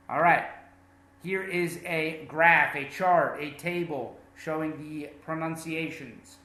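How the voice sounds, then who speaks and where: A man teaching English pronunciation, drilling words slowly and emphatically. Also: fairly high pitch, pushed and bright, echoey room. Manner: slow, deliberate drilling with emphatic repetitions.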